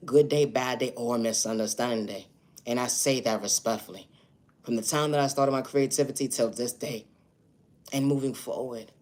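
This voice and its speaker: A man delivers a motivational monologue to his own viewers, earnest and insistent in tone. He keeps circling back to a few set phrases, repeating them as refrains throughout. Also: mid-range voice. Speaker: self-made video creator.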